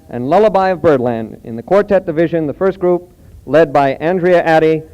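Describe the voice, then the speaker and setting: A man's voice: on the high side, moderate pace, dark tone. A man emceeing a college singing contest on stage, cracking offhand jokes between announcements, heard on a dull old archive recording. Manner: wisecracking, offhand asides. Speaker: master of ceremonies. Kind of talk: joking stage emcee patter.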